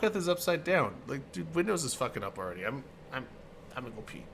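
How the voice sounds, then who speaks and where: A man's voice: medium pitch, sing-song, fast, gravelly, fairly bright tone, a little hiss or hum. A man in casual chat, hesitant and swearing casually.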